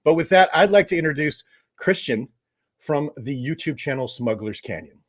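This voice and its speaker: A man hosting a live stream, loud and joking, laughing often. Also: on the high side, expressive, normal speed, background noise. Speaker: livestream host. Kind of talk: casual live stream chat.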